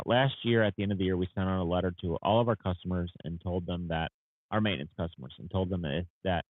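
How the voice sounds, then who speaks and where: Over tinny, phone-like audio with no echo, a low-voiced man who runs a landscaping business chats casually on a livestream. He's tired and keeps yawning, rambling on with lots of fillers.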